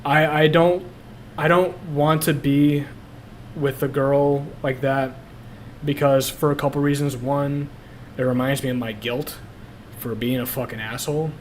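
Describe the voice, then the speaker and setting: A man's voice: medium pitch, flat delivery, a little slow. Young male streamer, blunt and profane, casual confessional talk, faint noise behind. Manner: blunt, profane, laughs at himself.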